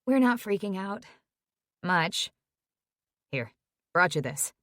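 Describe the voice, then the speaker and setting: A woman's voice: lowish voice, very animated, takes it slowly, a bit bright, dry recording, studio quality, full character voice. A woman voicing a blunt but caring young woman friend. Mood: concerned.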